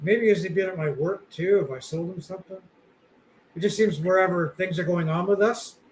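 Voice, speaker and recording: A man's voice: high voice, a little fast, a little hiss or hum, poor audio. A middle-aged man co-hosting a podcast, chatting casually in a rambling, self-deprecating way with lots of fillers. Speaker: podcast co-host. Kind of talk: casual chat.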